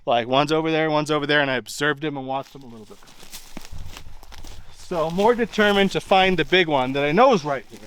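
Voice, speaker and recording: A man's voice: fairly high pitch, brisk, fairly bright tone, slight background noise, poor audio. A man telling what happened while standing outdoors in woods, rambling and pointing things out with lots of "like". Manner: rambling, full of "like" and pointing "right here". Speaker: eyewitness recounting a hunt. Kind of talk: casual on-location retelling. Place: outdoors in a wooded area.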